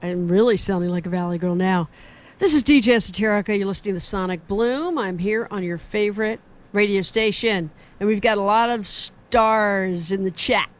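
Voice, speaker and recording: A woman's voice: medium pitch, moderate pace. Chatty woman radio DJ, rambling. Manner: rambling, chatty, with asides and self-corrections. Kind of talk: casual radio DJ chat. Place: radio studio.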